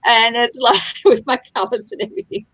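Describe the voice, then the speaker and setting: Chatty husky woman, tarot livestream host. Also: on the high side, animated, fairly quick, a bit bright, no room sound, rough recording. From Australia. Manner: chatty, laughs often. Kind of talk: casual livestream chat.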